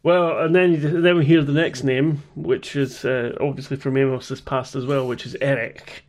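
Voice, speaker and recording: An English man chatting on a podcast, his voice sitting at an ordinary middle pitch. He tells his story in a loose, rambling way, full of false starts and the odd swear word. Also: little pitch movement, normal speed, a little mellow. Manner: rambling, many restarts, swears casually. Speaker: podcast co-host. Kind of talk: casual chat, retelling a story.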